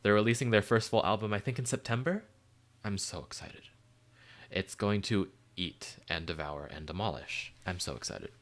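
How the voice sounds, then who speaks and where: With lots of "um"s and tangents, a male streamer chats excitedly as he responds to viewers' questions. His pitch is fairly low and his speed is normal.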